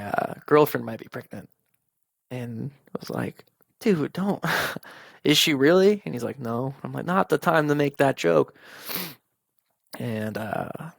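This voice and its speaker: A man's voice: mid-range voice, vocal fry, no room sound. A young man hosting a podcast, talking candidly and informally about his own life, quoting friends and family and swearing at times. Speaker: podcast host. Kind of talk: personal monologue.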